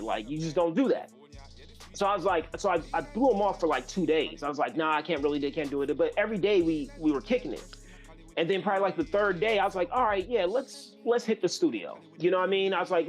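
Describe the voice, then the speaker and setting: Brief: male guest from California, slightly high voice, chatty storyteller, lots of "like" and restarts. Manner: loose and animated, many fillers and restarts. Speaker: guest musician. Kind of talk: casual storytelling.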